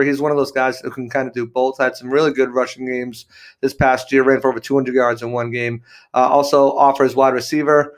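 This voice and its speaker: Male football reporter guest, mid-pitched, calm, steady, casual analysis. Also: clear, resonant tone. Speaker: team news reporter guest.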